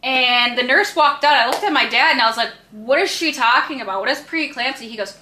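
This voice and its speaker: A woman's voice: high voice, quick pace, few pauses, pushed and bright, reverberant. A young woman co-hosting a podcast, telling a blunt story, swearing freely and acting out the voices of people she quotes. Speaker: podcast co-host. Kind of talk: casual storytelling.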